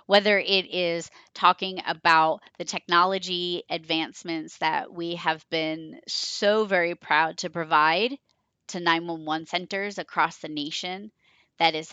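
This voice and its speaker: A woman's voice: fairly low pitch, sharp tone, no room sound. A woman in her forties hosting a podcast, chatty and enthusiastic as she talks about her work and tells stories. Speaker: podcast host. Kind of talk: podcast intro monologue.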